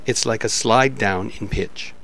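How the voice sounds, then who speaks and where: A man narrating a pronunciation lesson in a measured, explanatory reading style. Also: lowish voice, vocal fry, fairly bright tone. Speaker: pronunciation instructor.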